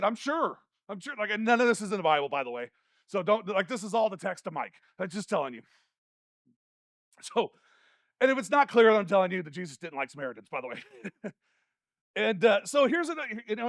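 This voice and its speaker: A man preaches from a church stage, his voice sitting high for a man. He tells the story with jokes and asides, and the sound is close and dry. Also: fairly quick, dry recording. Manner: animated, jokey storytelling with rants. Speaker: pastor. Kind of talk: sermon.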